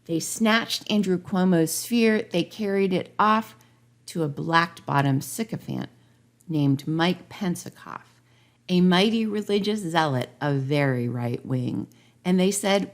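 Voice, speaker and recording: A woman's voice: on the low side, animated, measured pace. A woman reading a rhyming storybook parody aloud in a sing-song way. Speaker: narrator.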